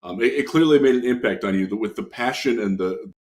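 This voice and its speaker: A man co-hosting a podcast who responds in a measured, reflective way, with some fillers. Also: mid-range voice, a little mellow. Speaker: podcast co-host. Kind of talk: casual chat.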